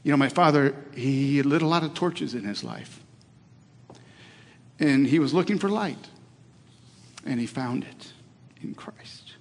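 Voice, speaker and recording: A man's voice: mid-range voice, lively intonation, unhurried, vocal fry, pauses often. Earnest male pastor in a reverberant hall. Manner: earnest storytelling with hesitations and restarts. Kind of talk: sermon with personal story.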